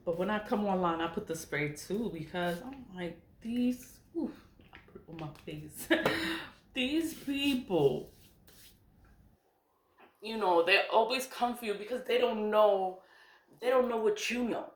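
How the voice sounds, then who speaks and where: A middle-aged woman with a low voice speaks casually to camera, blunt and profane and laughing often. The room is echoey, with a faint hiss behind her. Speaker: spiritual vlogger. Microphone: camera mic.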